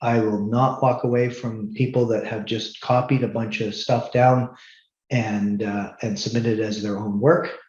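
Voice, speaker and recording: A man's voice: lowish voice, flat delivery, measured pace, a little mellow. A middle-aged man, a university instructor holding office hours, talking bluntly and firmly with many ums and restarts. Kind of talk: online office hours talk to students. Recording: roomy, slightly dull sound.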